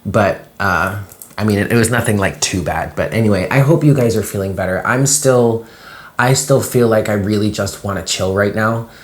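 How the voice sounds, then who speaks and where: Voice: low-pitched, moderate pace. A tarot card reader talking through a casual daily reading vlog in a rambling, chatty way, full of fillers and easily moved to emotion. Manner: gets emotional when telling a dream.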